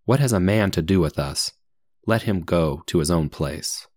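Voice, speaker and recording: A man's voice: low voice, moderate pace, a little mellow. A man voicing a hostile pack of young wolves, snarling and jeering.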